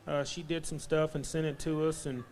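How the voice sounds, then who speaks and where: A man's voice: fairly high pitch, flat delivery, fairly quick, a little mellow, a little hiss or hum, rough recording. A man talking earnestly and reflectively about his own life as a guest in a live stage interview. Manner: earnest, reflective storytelling with many restarts. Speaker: guest, rodeo athlete and author. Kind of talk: casual interview answer.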